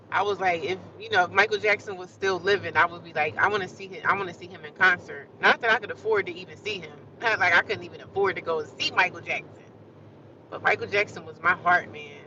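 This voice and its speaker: A woman's voice: lowish voice, sharp tone, recorded from a distance, highs cut off. Chatty woman livestreaming on the street. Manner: chatty, talks straight to viewers, drifts into singing. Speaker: vlogger. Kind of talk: casual livestream chat.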